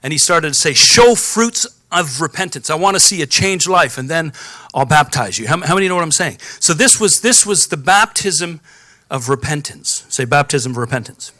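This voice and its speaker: Bright-voiced man preaching a sermon. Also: on the high side, lively intonation, brisk, no room sound, studio quality. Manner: calls out to the congregation for responses. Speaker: pastor. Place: church sanctuary.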